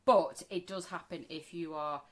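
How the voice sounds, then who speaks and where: A woman's voice: low-pitched, fairly even intonation, normal speed. A woman in her forties, a podcast co-host, chatting casually and telling a story bluntly, with plenty of swearing. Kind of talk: casual chat.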